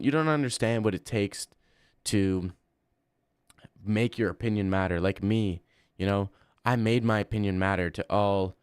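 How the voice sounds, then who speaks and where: A young man livestreaming and chatting casually, reading chat and answering with crude, deadpan banter. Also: fairly low pitch, smooth, no echo, studio quality.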